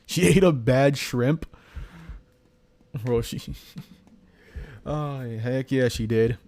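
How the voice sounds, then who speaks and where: A man doing casual gameplay commentary as a streamer, reacting excitably and laughing often. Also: mid-range voice, extremely slow, no echo.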